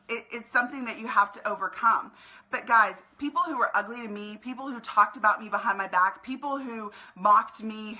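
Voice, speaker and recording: Woman, fairly high and bright, earnest motivational talk to camera, recruiter. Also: rough recording. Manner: earnest, emotional, pep-talk. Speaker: network marketing recruiter. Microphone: camera in front of her.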